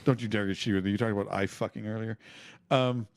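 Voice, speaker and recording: A man's voice: fairly low pitch, fairly even intonation, fast talker. Sarcastic male podcast co-host. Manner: sarcastic, teasing banter. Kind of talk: casual podcast chat.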